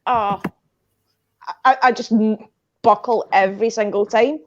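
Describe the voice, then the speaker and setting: A woman's voice: fairly high pitch, steady tone, measured pace. A woman chatting casually on a livestream, full of fillers. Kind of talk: casual chat. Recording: dull lo-fi call audio.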